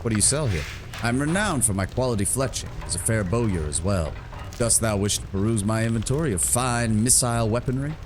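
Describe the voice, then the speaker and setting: Brief: a man reading a formal fantasy bowyer, archaic courtly phrasing, lowish voice. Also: animated, brisk, background noise, natural voice. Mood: courteous. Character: formal male bowyer shopkeeper, old-fashioned speech.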